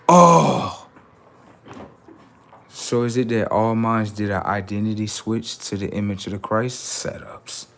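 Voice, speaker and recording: A man hosting a livestream, ranting in a preachy, confrontational way and talking back to his chat, swinging from loud outbursts to low mutters. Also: slight background noise. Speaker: livestream host. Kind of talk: casual livestream rant.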